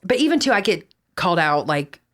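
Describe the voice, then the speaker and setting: Casual Texan woman co-host, low-ish voice, swears, rambles. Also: sing-song, a little fast, fairly bright tone. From Texas. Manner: chatty, swears often, rambling asides. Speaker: podcast co-host. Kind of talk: casual podcast storytelling.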